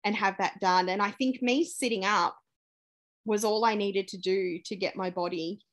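A woman's voice: mid-range voice, moderate pace. Australian woman telling a personal story. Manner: candid, animated retelling with acted-out quotes and laughter. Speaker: podcast guest.

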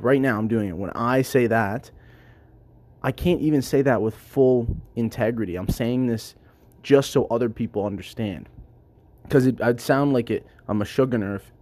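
A man's voice: mid-range voice, darkish tone, dry recording. A man hosting his own show, musing aloud in a rambling, self-interrupting way, recorded at work without a microphone. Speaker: podcast host. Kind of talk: casual solo musing. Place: workplace.

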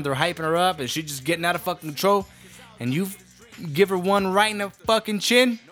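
A man tears through a profane comedic rant, brash and blunt. His voice sits a little high for a man, and soft music plays faintly behind him.

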